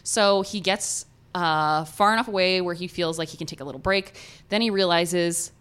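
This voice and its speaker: A woman with an Ohio American accent tells a story as a casual podcast co-host. Her voice sits low but sounds bright and forward, animated and full of filler words. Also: normal speed, clean tone.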